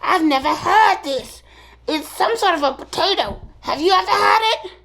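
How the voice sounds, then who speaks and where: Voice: very high-pitched, expressive, moderate pace, creaky, a bit bright, full character voice, poor audio. A performer voicing a mischievous, food-stealing mermaid woman as the host of a comedic mukbang character skit, breaking into sing-song rhyming prayers. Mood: sneaky chatter.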